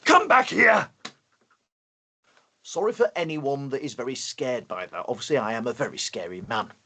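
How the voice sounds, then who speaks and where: A man's voice: on the high side, a bit bright, breathy edge. A man hosting a live online punctuation lesson for schools, upbeat and playful. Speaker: host and teacher.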